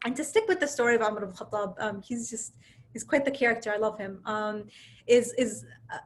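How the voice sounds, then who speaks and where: Animated woman telling a religious story. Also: fairly high pitch, brisk. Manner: animated storytelling, frequent restarts and tag questions. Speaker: speaker giving a religious reminder. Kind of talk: casual religious storytelling talk. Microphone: video call.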